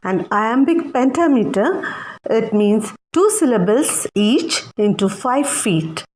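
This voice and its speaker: A young woman teaches a literature lesson for exam students, speaking slowly and deliberately. Her voice is close to the mic, at a medium pitch. A faint room ambience sits underneath. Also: darkish tone, a little hiss or hum, low-quality recording. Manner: slow, careful explaining.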